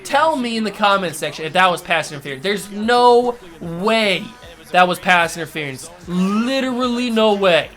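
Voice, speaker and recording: A man hosting a gaming channel, ranting furiously through live gameplay commentary, swinging from shouts to low mutters. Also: animated, normal speed, soft background music.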